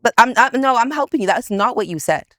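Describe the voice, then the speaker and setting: A woman co-hosting a casual podcast, animated and excitable, pushing back hard in a back-and-forth argument. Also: fairly high pitch, fast talker, no echo, clean studio sound. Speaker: podcast co-host.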